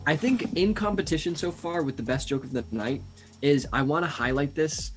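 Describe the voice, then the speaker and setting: A man's voice: a little high, moderate pace, soft background music. A man co-hosting a live comedy stream, asking questions and chatting casually. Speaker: co-host of a live improv stream. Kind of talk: casual banter.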